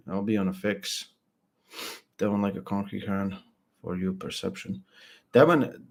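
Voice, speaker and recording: A young man chatting casually about arm wrestling, blunt and halting, full of restarts and fillers. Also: on the low side, darkish tone. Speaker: arm wrestling podcast regular. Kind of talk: casual chat.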